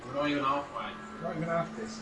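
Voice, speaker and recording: A man in a casual voice chat on a race stream, excitable and lively. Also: on the high side, quick pace. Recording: distant echoey call with loud music.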